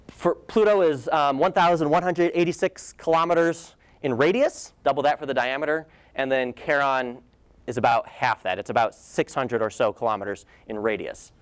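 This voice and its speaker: A man's voice: on the high side, clear, resonant tone, dry recording. Enthusiastic young man giving a slide talk. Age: young adult. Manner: enthusiastic, casual, with playful asides and fillers. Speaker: guest lecturer. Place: lecture hall.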